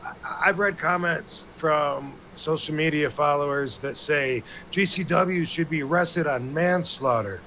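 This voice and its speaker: A man's voice: a little high, a little slow, bright, forceful tone, slight background noise. A man co-hosting a podcast, talking in a rambling, blunt and profane way. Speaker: podcast co-host. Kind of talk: casual podcast chat.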